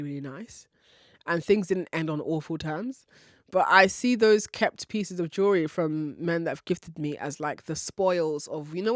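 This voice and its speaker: A woman's voice: lowish voice, no room sound, clean studio sound. A woman hosting a podcast, giving frank relationship advice in a candid style, swearing casually and laughing often. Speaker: podcast host.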